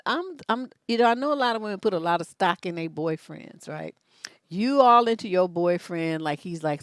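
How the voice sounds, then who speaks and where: A middle-aged woman hosting an unscripted relationship advice show, blunt and profane, with animated delivery. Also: fairly low pitch, no room sound, studio quality.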